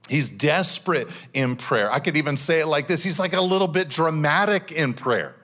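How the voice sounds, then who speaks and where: A man pastor giving a sermon in a church, talking in a loose, conversational way with lots of fillers and animated bursts. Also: a little high, normal speed, hardly any pauses.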